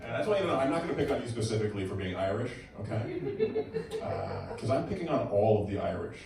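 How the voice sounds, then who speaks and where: A man doing a stand-up set at a comedy club, mixing crowd work with animated punchlines over audience laughter. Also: lowish voice, quick pace, vocal fry, music in the background. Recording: roomy live club recording from far off.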